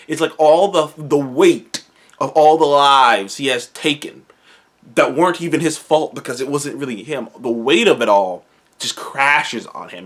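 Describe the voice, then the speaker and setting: A man giving a casual spoken review of a TV episode, rambling and excited, often restarting and correcting himself. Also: mid-range voice.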